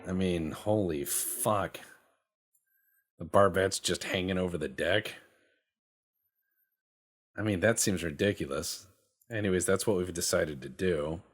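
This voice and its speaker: A man's voice: low-pitched, measured pace, long pauses. A man hosting casual gameplay commentary, rambling and joking, and swearing freely as he goes. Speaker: gaming channel host.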